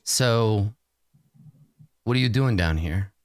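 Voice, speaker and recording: A man voicing a rakish tiefling stranger who is sly and evasive, speaking low and drawling. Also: takes it slowly, dry recording, studio quality.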